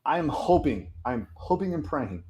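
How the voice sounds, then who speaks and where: A man's voice: on the high side, sing-song, a little slow, darkish tone. A man co-hosting a casual college football chat from his room at home, passionate and fired up about his team. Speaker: sports show co-host.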